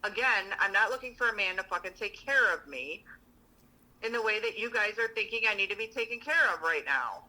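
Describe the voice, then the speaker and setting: Woman podcast co-host, gossipy and profane storyteller, tense bright tone. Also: mid-range voice, expressive, brisk, low-quality recording. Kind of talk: casual storytelling chat.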